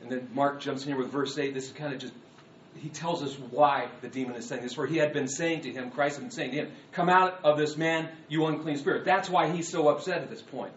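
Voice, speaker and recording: A man preaching a sermon, animated, moving between hushed asides and loud dramatic readings. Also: medium pitch, quick pace, a little hiss or hum. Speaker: pastor. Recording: echoey room, distant mic, dull sound.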